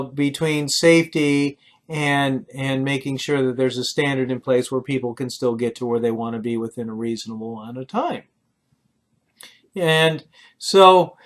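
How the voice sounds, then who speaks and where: A middle-aged man with a somewhat high voice delivers a short recorded lecture on ethics. He talks earnestly, leans on personal stories, and often restarts with fillers. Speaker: leadership lecturer.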